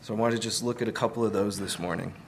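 A man giving a conversational Sunday sermon, relaxed, with many fillers and light humor. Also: fairly low pitch, rapid-fire, vocal fry, slight background noise. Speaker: preacher.

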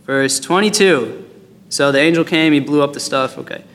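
A man leads a casual Bible study, reading verses and joking his way through them. His voice sits fairly high, and a long hall reverb trails each phrase. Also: normal speed, a bit bright. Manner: chatty and joking, with fillers. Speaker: Bible teacher.

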